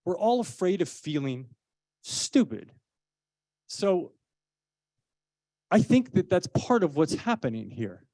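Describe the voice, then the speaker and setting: An earnest man in a persuasive public speech, his voice sitting somewhat high for a man. He moves between argument and conversational storytelling. The recording is dry and close, with no room sound. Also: very animated, slow, long pauses, mellow, dry recording. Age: adult parent of a young child. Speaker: actor speaking as a child-safety advocate.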